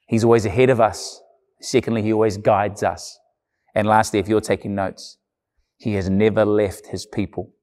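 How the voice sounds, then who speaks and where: A man's voice: fairly low pitch, flat delivery, normal speed, darkish tone. A man preaching a sermon in an earnest, conversational way, with emphatic repeated phrases. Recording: long church-hall reverb.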